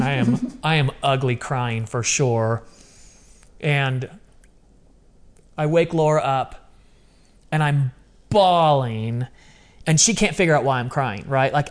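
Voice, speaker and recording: A man in his fifties telling a personal story in a casual, earnest way, often acting out what he said. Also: mid-range voice. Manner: earnest, animated, quoting himself.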